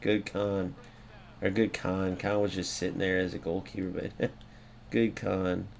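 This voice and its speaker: A young American man gives live commentary over his own football video game matches. He swears freely and swings from muttered asides to sudden loud outbursts. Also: low-pitched, little pitch movement, unhurried, gravelly, slight background noise. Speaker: gaming YouTuber.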